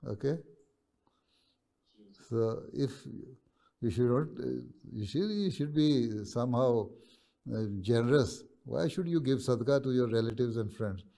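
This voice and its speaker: Give me a mellow man on a video call, calm and measured, guiding young students in a q and a. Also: mid-range voice, creaky. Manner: measured, pausing, often checking with "right?". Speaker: religious leader answering students. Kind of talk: video-call question and answer.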